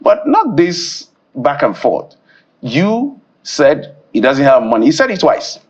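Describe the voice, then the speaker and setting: A man on a studio news panel whose pitch swings widely as he presses his argument. His voice has a slightly dull, lo-fi broadcast quality. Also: slow pace, slightly rough. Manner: animated, argumentative. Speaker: news show co-host.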